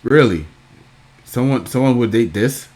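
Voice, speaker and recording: A man's voice: mid-range voice, expressive, measured pace, darkish tone. A man giving a casual reaction commentary, mocking and heckling with crude jokes.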